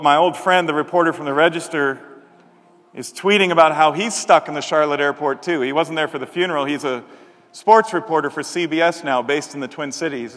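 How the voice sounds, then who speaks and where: A man's voice: fairly high pitch, a bit bright. A man pastor preaching a sermon, telling a story and acting out the voices he quotes with animation. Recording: long hall reverb.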